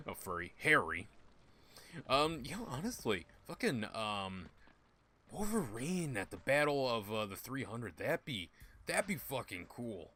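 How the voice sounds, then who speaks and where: A young gaming YouTuber gives rambling, joking, profane commentary as he plays a video game. His medium-pitched voice is very animated yet a little slow, pushed and bright with a breathy edge.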